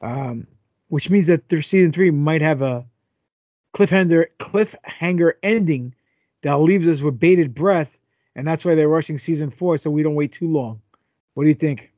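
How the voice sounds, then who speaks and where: Higher-voiced man hosting a dry-sounding podcast. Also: normal speed, dark tone, no echo. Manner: loose, stumbling, joking. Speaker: podcast host. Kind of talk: casual podcast chat, reading news items.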